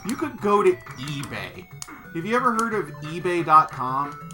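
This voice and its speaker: A young man ranting in a satirical vlog, mock-outraged, swinging between low mumbles and shouting. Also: big pitch swings, normal speed. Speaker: YouTuber. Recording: music playing underneath.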